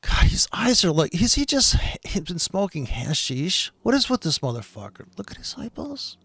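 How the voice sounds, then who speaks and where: Male trading commentator, gravelly, exasperated, sarcastic and profane. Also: fairly high pitch, very animated, moderate pace, bright, forceful tone, no room sound. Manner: exasperated, sarcastic, heavy swearing. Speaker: trading commentator reacting to a video.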